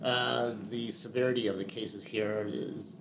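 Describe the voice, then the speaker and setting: A man on a podcast chiming in with quick, matter-of-fact remarks. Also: medium pitch, steady tone, gravelly. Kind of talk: casual chat. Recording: distant mic with noise.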